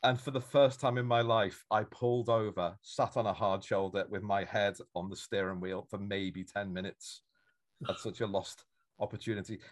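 Lively man telling an anecdote. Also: fairly low pitch, moderate pace. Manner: animated, breaks into loud shouted quotes. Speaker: podcast host. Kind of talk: anecdotal storytelling.

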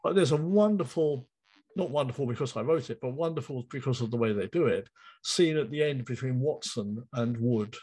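A man's voice: medium pitch, fairly quick, darkish tone, poor audio. A man, a writer and podcast guest, speaking thoughtfully and repeating key phrases. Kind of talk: interview conversation.

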